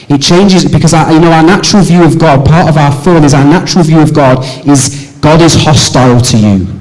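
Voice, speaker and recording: Male pastor, church sermon, rhetorical questions, shifts between forceful and soft delivery. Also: poor audio. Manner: asks the congregation rhetorical questions; moves between raised emphatic lines and soft low passages.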